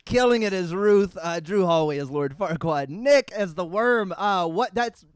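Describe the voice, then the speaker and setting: A man's voice: high-pitched, animated, unhurried, clear, resonant tone. A man hosting a live comedy stream, upbeat and chatty with frequent fillers. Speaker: host. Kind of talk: casual livestream comedy hosting.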